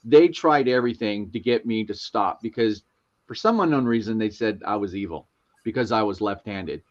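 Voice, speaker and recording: A man's voice: lowish voice, moderate pace. A middle-aged man hosting a livestream, reading viewer comments and telling casual stories in a chatty way. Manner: chatty anecdotal storyteller. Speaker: livestream host. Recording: lo-fi livestream audio.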